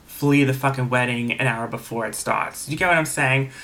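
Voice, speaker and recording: A man's voice: mid-range voice, normal speed, a bit bright. A man casually recapping a reality TV episode, chatty and gossipy, swearing freely and saying "like" a lot. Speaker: TV episode reviewer.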